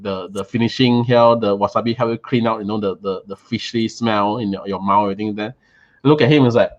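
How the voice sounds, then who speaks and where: A man telling an animated, casual story about a meal, often repeating and restarting words. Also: on the low side, brisk, lo-fi sound.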